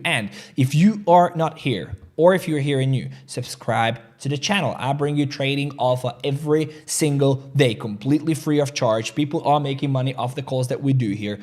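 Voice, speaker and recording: This male host speaks in a mid-range, slightly mellow voice. He's running a laid-back crypto trading livestream, chatting with energy and reading out viewer comments, while a desk mic catches the creak of his studio chair.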